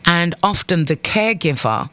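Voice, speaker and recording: A woman's voice: lowish voice, lively intonation, moderate pace, a bit bright, dry recording. A woman with an Antiguan accent hosting a morning call-in radio show from a studio, talking in a rambling way, often repeating words and calling listeners "love.". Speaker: radio talk show host.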